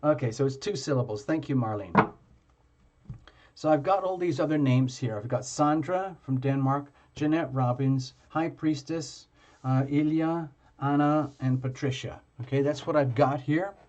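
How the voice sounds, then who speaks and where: A man hosting a live tarot reading stream, chatting casually with viewers in a halting way, full of fillers and restarts. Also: a little high, a little mellow, lo-fi sound.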